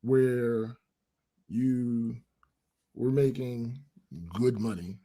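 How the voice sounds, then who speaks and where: A man co-hosting a podcast in casual chat, thinking out loud with restarts as he lays out his reasoning. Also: medium pitch, fairly even intonation, drawn-out words. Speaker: podcast co-host.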